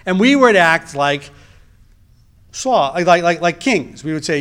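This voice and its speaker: A man's voice: on the high side, expressive, slow pace, long pauses, a bit bright. A middle-aged man, a reproductive endocrinologist, giving a personal testimony in a conversational storytelling way, with wry asides and frequent restarts.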